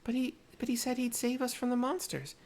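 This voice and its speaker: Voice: medium pitch, fairly quick, darkish tone, voice pushed up, close to an everyday voice. A gamer voicing a little girl who worships a local hero, pleading and childlike. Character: small anxious girl who idolizes a hero.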